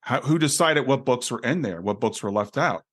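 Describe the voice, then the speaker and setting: A man's voice: medium pitch, expressive, moderate pace, a bit bright. A man hosting an interview podcast, speaking earnestly and thinking aloud. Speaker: podcast host. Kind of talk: casual conversation.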